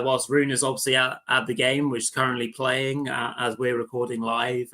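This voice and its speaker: A man hosting a live fantasy football show, chatty and relaxed, with lots of fillers and restarts. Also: medium pitch, rough recording. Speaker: host.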